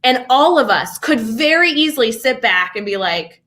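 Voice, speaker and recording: An energetic young woman chatting as a guest on an educator podcast, with a bright, forward tone. She talks in a fairly high voice and tells lively stories with quick asides. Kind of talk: casual interview chat.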